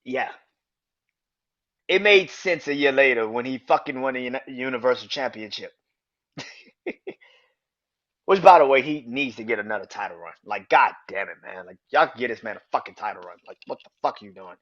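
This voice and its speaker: Profane, excitable man on a podcast. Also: medium pitch, moderate pace, pauses often, dull audio. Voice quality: profane, excitable, laughs often. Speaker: podcast host. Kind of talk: casual wrestling podcast rant.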